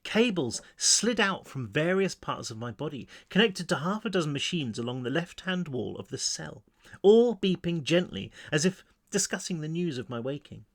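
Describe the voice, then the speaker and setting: Brief: male author reading his own book, lively rising-and-falling delivery, slightly higher voice. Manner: expressive reading with wide pitch swings, asides to listeners. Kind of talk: first-person book reading. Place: home. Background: child screaming downstairs.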